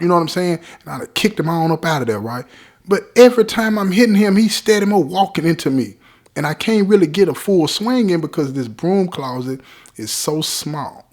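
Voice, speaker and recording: A middle-aged man with a streetwise way of talking tells a raw story from his past. He keeps turning to his listeners as he goes, in loose, casual storytelling. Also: a little high. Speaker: podcast host telling his prison story.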